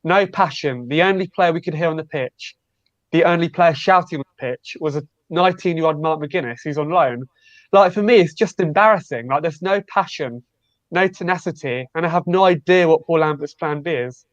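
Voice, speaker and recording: A man's voice: a little high, moderate pace, dry recording, muffled recording. A man calling into a fan show, heatedly giving his opinion and stumbling over his words because he is so mad. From lives in Cornwall. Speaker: caller. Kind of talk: heated football phone-in opinion.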